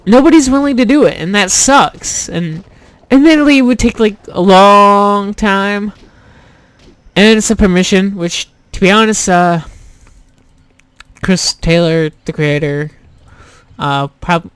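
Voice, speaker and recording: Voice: mid-range voice, takes it slowly, fairly bright tone, clean tone, dry recording. A rambling YouTuber chats through a let's play, trailing off and restarting, cracking self-deprecating jokes and swearing casually. The voice sits in a middle range on a dry, close desk mic. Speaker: YouTuber playing a game.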